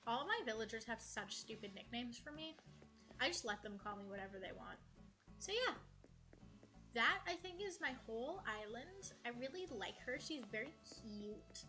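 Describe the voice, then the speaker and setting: A young woman gives a relaxed tour of her cozy game island, cooing affectionately at the characters. Her voice is bright and a little high, and soft game music plays underneath. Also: normal speed. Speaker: gaming streamer. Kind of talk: casual game tour vlog. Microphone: headset.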